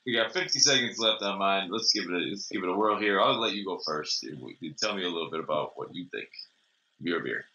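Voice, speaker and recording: A man's voice: low-pitched, quick pace, pushed and bright. A man in his thirties co-hosting a casual beer-tasting chat, joking and self-deprecating. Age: 30s. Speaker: co-host. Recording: echoey, dull lo-fi room sound.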